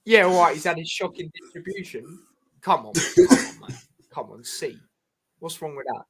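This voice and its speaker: A man's voice: fairly high pitch, lively intonation, normal speed, fairly bright tone. A man co-hosting a casual football chat, arguing his points and pushing back. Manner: argumentative, pushes back with "come on, man". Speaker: co-host.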